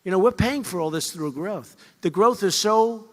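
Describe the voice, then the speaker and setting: A man's voice: high-pitched, animated, normal speed. A man in his seventies giving an off-the-cuff campaign speech, boastful and emphatic, repeating his points over and over. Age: 70s. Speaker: politician. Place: large event hall. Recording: reverberant hall with faint crowd.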